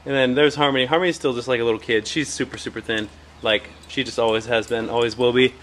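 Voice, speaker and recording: Young guy vlogging from home, bright voice, rambly and self-mocking, lots of ums. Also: medium pitch, steady tone, fast, a little hiss or hum. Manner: rambling, jokey and self-mocking, with many fillers. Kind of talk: casual vlog chat.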